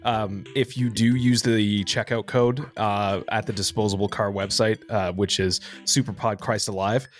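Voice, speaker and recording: A man co-hosting a podcast, building a joke with deadpan delivery and many "uh"s. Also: fairly low pitch, normal speed, few pauses. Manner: deadpan mock-advert delivery with many fillers. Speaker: podcast co-host. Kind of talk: casual comedic podcast banter.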